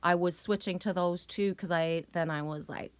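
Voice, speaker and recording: A woman's voice: fairly low pitch, steady tone, moderate pace, clear, resonant tone, no room sound. Profane, rambling woman live streamer. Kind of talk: casual live stream chat.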